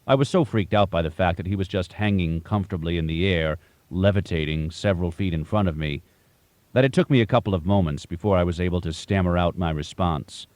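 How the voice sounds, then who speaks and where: A man reads a first-person audiobook in a measured, storytelling way. His voice is very low. The recording is close and dry. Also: darkish tone, no room sound. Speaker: audiobook narrator.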